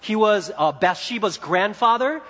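A pastor delivers a sermon in a high voice, rising to loud peaks and dropping to near hushes. The sound rings with a long reverb from a large hall. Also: male voice, lively intonation, unhurried. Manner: preaching with swings between loud and hushed.

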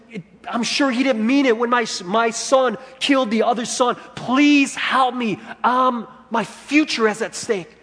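A desperate widow begs a king for her son's life, urgent and imploring, as a preacher puts her on. The voice sits high, lifted further for the plea, and it rings out with a long reverb as if in a large hall. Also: fairly bright tone. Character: pleading widowed woman begging a king.

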